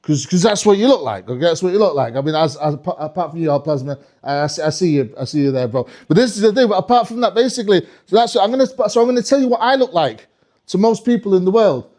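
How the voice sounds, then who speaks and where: A man's voice: high-pitched, expressive, fast talker, dark tone. A man doing a live stand-up routine on a comedy club stage, rambling, swearing and talking to the crowd.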